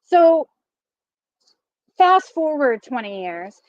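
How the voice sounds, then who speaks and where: A woman's voice: high voice, sing-song, extremely slow, no room sound, dull audio. A middle-aged woman hosting a vlog, chatting casually and laughing often as she tells a story. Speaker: vlogger host.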